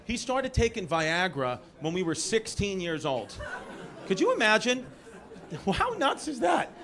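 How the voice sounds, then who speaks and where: A high-voiced man with a New York accent works the crowd from a club stage, firing off loose, teasing jabs. The audience laughs loudly around him. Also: huge pitch swings, measured pace. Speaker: stand-up comedian. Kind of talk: stand-up crowd work.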